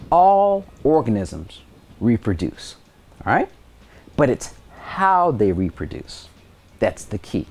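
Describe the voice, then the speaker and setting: Male science teacher, unhurried and very expressive delivery; tells classroom stories and acts out quoted voices. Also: mid-range voice. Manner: animated storytelling with playful voices for quoted people. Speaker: high school science teacher. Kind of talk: video science lesson.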